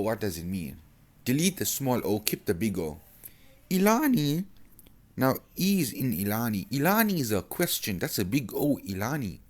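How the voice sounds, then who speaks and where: A man's voice: on the low side, darkish tone. A man tutoring a Zulu lesson online, spelling words letter by letter and asking rhetorical questions as he explains.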